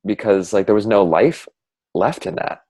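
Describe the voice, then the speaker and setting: A man in a casual heartfelt conversation, speaking reflectively and haltingly with many fillers. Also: fairly low pitch, expressive, dark tone. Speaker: conversation partner sharing reflections.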